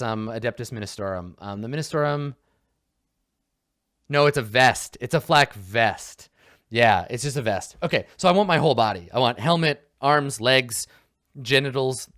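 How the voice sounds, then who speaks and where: A man's voice: medium pitch, fairly bright tone, no echo, studio quality. Rambling man muttering over a game sheet. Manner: rambling, swearing, muttering to himself. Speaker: player in a tabletop game show. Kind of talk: casual chat while building a character.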